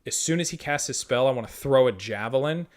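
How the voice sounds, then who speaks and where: Young man, profane animated storytelling. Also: medium pitch, a little fast. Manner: profane, animated retelling with quoted dialogue. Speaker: podcast host. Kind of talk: casual storytelling about a tabletop game.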